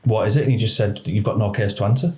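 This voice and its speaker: Speaking quickly in a voice on the low side, this middle-aged policeman gives a candid account as a podcast guest. His animated telling includes impressions of the people he quotes, heard in an echoey room.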